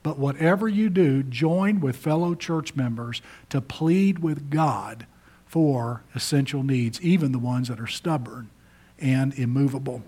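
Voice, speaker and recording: A man's voice: mid-range voice, measured pace, mellow, husky. A middle-aged male pastor preaching a sermon, stressing key words emphatically.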